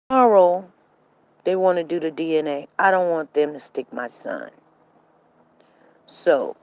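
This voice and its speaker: On her live show, a woman in her fifties animatedly recounts a story to viewers, voicing the lines of the other people involved. Her voice is lowish, and the audio is poor.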